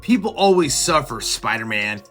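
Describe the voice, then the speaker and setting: A man voicing a menacing, sneering male supervillain with low, growled threats. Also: big pitch swings, normal speed, a bit bright, soft background music.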